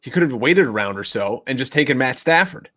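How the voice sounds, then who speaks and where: A man's voice: medium pitch, expressive, fairly quick, pushed and bright. A man co-hosting a casual sports podcast, conversational and asking questions. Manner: conversational, asks questions, plugs the channel. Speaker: podcast co-host. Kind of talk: casual fantasy football chat.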